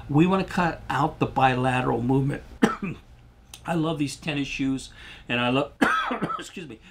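A man's voice: mid-range voice, breathy edge. An older man giving a rambling, folksy product demonstration as a shoe salesman, losing his voice and coughing now and then.

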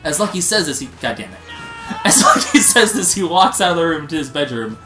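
A man's voice: a little high, sing-song, a little fast. A young man streamer giving a comic reading of fan fiction, rambling and breaking off to joke and laugh. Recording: echoey room with faint music.

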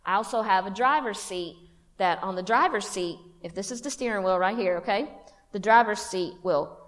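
A woman's voice: mid-range voice, moderate pace. Folksy woman in a reverberant hall. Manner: folksy, animated storytelling with self-mocking humor. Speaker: women's conference speaker. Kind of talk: humorous personal testimony talk. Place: church hall.

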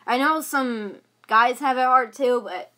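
High-voiced young woman ranting. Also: unhurried, sharp tone. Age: young adult. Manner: agitated ranting, many fillers and repeats. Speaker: vlogger. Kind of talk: casual venting vlog.

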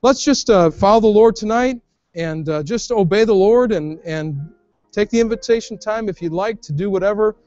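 A man's voice: sits high, moderate pace, a little mellow, no echo, highs cut off. A male pastor preaching a sermon in a church, folksy and plain-spoken, often repeating his words as he goes. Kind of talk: evangelical sermon. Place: church sanctuary.

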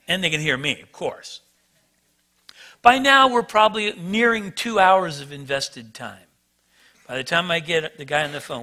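Brief: male pastor, high bright voice, lively self-deprecating storyteller. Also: moderate pace. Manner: animated, self-mocking storyteller. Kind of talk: sermon storytelling.

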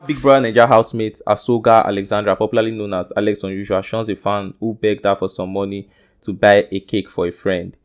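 Low-voiced nigerian guy doing casual celeb news updates, chatty and asking the viewers. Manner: casual, asks viewers questions. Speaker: gossip news vlogger. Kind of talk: reading celebrity news to camera.

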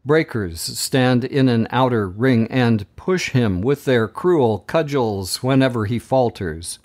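Slow, measured male storybook reader. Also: medium pitch, expressive. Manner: slow, measured and dramatic, with raised voices for quoted shouts. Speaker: podcast host reading a book aloud. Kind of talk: dramatic storybook reading.

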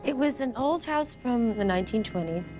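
A woman in a documentary interview, earnestly recounting a ghostly experience in a hushed, suspenseful way. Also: a little high, animated, moderate pace, music in the background. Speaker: celebrity guest telling a ghost story.

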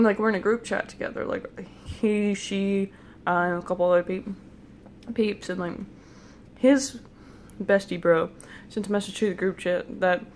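A woman's voice: mid-range voice, a little hiss or hum. A young woman casually telling a long, rambling dream story, mimicking people's voices as she goes, snacking between lines. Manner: rambling, playful, quotes people in put-on voices; eating jelly beans while talking. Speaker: vlogger.

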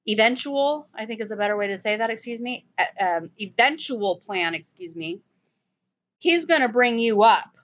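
Lively woman doing a bible study, emphatic, pitch jumps around, kinda muffled audio. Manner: animated, emphatic, self-correcting. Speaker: Bible teacher. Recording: dull lo-fi recording.

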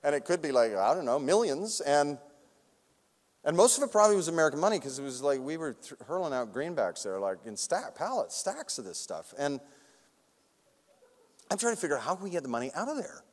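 A man telling a long, animated anecdote at a public talk, laughing often and acting out other people's lines. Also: fairly high pitch, fairly quick. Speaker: award recipient speaking on stage. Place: large auditorium. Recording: long hall reverb.

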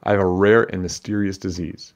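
Defiant storybook kid standing his ground, as a deep-voiced man reads him, earnest. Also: little pitch movement, brisk, lo-fi sound, natural voice. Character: boy, scared but defiant.

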